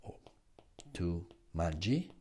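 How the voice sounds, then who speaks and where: Male teacher, low voice, unhurried lecture delivery with stressed examples. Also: sing-song, a little mellow, a little hiss or hum. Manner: slow and explanatory, stresses example words. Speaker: language teacher. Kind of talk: classroom lecture.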